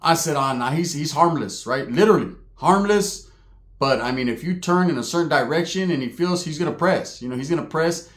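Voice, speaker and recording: Man, comic storyteller, crude slangy delivery, higher register. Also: lively intonation, brisk. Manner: slangy, crude, laughing asides. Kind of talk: comedic storytelling. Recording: roomy echo.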